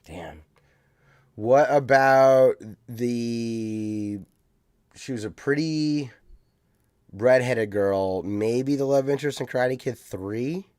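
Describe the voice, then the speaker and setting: A man's voice: medium pitch, slow, darkish tone, clean tone, no echo, studio quality. A man co-hosting a podcast in casual chat, easygoing, reading out listener comments. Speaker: podcast co-host.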